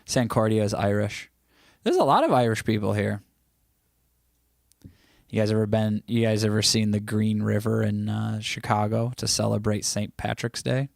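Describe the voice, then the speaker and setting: A man's voice: on the low side, moderate pace, creaky, no room sound, studio quality. A man hosting a livestream, chatting loosely and reacting to viewers' comments, his throat a little scratchy. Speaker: livestream host. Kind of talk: casual chat reading live comments.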